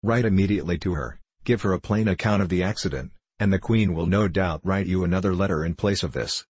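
A man reading an audiobook voices a practical woman nurse, who speaks calmly and matter-of-factly. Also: deep voice, fast talker, breathy edge, no room sound. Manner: calm, matter-of-fact.

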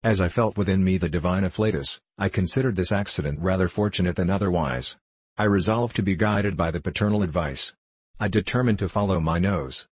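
Low, husky male narrator, dry close sound, measured and wry. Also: no echo. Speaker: audiobook reader. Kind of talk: scripted narration of a classic story.

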